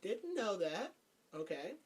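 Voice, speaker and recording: A woman's voice: medium pitch, big pitch swings, slow. A woman podcast host casually recapping a book's plot, chatty and laughing, with lots of "like". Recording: voice a bit far from the mic.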